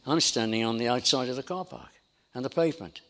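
A man's voice: mid-range voice, fast talker, fairly bright tone. A man preaching a sermon in an emphatic style, building his points through repetition. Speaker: pastor.

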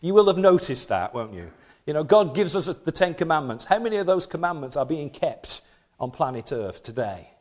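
Male pastor, lively dramatic delivery, slightly higher voice, playful asides in a Sunday sermon. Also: moderate pace. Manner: animated, dramatic scripture reading with playful asides.

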